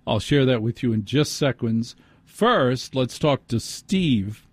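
A man's voice: medium pitch, lively intonation, slow pace, breathy edge, no room sound. A man hosting a late-night call-in radio show, telling a self-deprecating story into a studio microphone.

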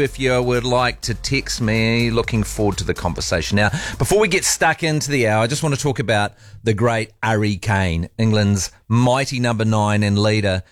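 A man's voice: lowish voice, normal speed, few pauses, no echo. A man hosting a talk radio show, chatty and jokey. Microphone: studio microphone.

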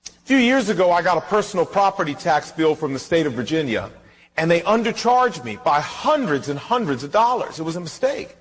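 Male pastor, high and husky, animated sermon, reverberant hall. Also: fairly quick. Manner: animated storytelling, acts out dialogue.

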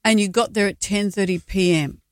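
A woman's voice: medium pitch, steady tone, moderate pace, no echo. A woman co-hosting a radio show, teasing her partner with dry questions. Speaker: radio co-host. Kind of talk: casual radio banter. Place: radio studio. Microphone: studio mic.

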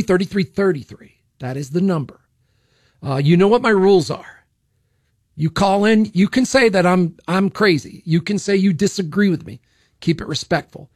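A man's voice: sits high, no room sound, studio quality. A man hosting a political talk radio show, speaking in an opinionated way and often repeating words as he starts a sentence. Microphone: studio microphone.

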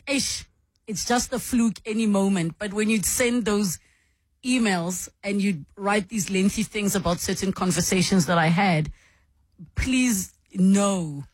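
A woman's voice: mid-range voice, dry recording. A woman interviews a guest in a dry, close-miked studio. She is chatty and reflective, and she often restarts her sentences and adds fillers as she thinks aloud. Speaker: radio host interviewing a guest. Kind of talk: warm conversational interview.

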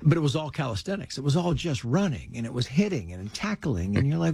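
A middle-aged man telling stories from his life in casual conversation, animated and quick to act out what people said. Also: mid-range voice, creaky, slightly rough. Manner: animated storyteller who acts out quotes in a raised voice.

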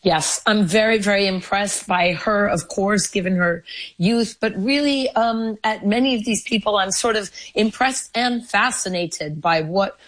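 A woman's voice: mid-range voice, a little slow, fairly bright tone. A woman speaking as a studio guest on a radio panel, thoughtful and a little hesitant, with fillers.

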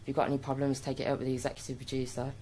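A woman's voice: a bass voice, racing, a little hiss or hum, voice pushed down. A woman putting on the voice of a dismissive nineteen-year-old TV researcher guarding a door. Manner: flat, dismissive, rule-bound. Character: curt young female TV researcher.

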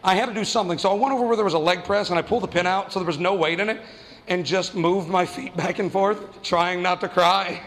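A man's voice: high-pitched, fast, fairly bright tone, long reverb tail, a little hiss or hum. A man from New Mexico doing stand-up, telling a story with profanity and self-mockery and acting out the other people in it. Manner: profane, self-mocking, acts out voices. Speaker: stand-up comedian.

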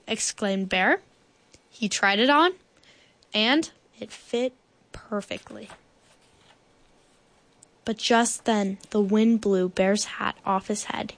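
A woman reading a children's picture book aloud in slow, deliberate storytelling. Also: medium pitch, vocal fry, no room sound. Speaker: guest reader.

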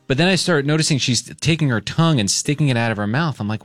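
Animated man telling a story on morning radio. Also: medium pitch, fast talker, few pauses, faint music behind. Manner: animated, acts out quotes in shifting voices. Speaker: radio show host. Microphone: studio microphone.

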